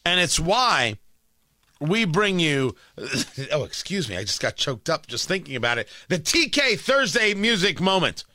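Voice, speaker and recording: A male talk radio host with a bright, forceful edge and a slightly high voice that swings up and down in animated bursts. He delivers a wry monologue full of rambling asides, recorded dry and close on a studio microphone. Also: measured pace, no echo.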